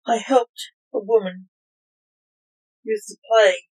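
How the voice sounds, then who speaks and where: A woman's voice: medium pitch, steady tone, slow pace, a little mellow, poor audio. A woman voicing a worried, puzzled doctor accused of witchcraft in a read-aloud story.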